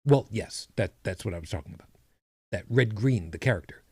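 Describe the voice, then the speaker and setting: A man's voice: on the low side, animated, brisk, husky, no echo. A man co-hosting a podcast, chatting casually with a rambling, self-correcting manner and dry humor. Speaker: podcast co-host. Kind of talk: casual chat.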